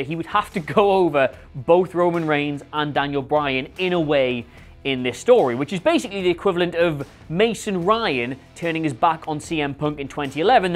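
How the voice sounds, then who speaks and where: A man hosting a scripted wrestling rumour show, talking in a sarcastic, animated, rhetorical way. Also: on the high side. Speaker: host.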